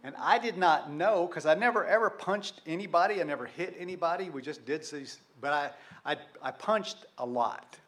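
A man's voice: a little high, normal speed, hardly any pauses, a bit bright. A man, preaching a sermon and telling a story from his youth in a conversational way, full of rhetorical questions. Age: 60s. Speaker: pastor.

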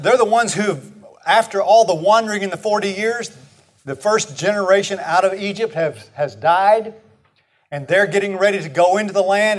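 A man with a Texan accent preaching a sermon, folksy and emphatic, leading the congregation to repeat words after him. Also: sits high. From Texas. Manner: folksy, emphatic repetition, leads the congregation in call-and-response. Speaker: pastor.

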